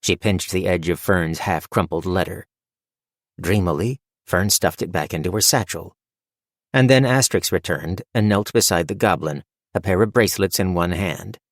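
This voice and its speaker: Man, low voice, measured wry narration, dry close studio sound, audiobook. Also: no room sound. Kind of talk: scripted narration.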